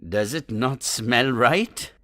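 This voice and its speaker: A man's voice: medium pitch, takes it slowly, a bit bright, dry recording, studio quality, voice pushed up. A man voicing a fawning, nervous male possum waiter in a storybook, who stammers as he hurries to please his customer. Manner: stammering, eager, bowing and scraping.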